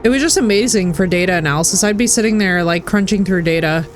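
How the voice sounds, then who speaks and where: A woman in her thirties chatting casually while streaming a game, animated and talkative. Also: fairly low pitch, fast talker, faint music behind. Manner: chatty, animated, slips into put-on voices. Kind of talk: casual chat while gaming.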